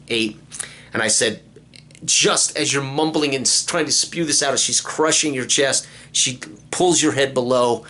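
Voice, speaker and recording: A man retells a tabletop roleplaying session he ran as game master. His voice is bright and tense, at a middle pitch, and he keeps quoting both himself and his player as the story moves along.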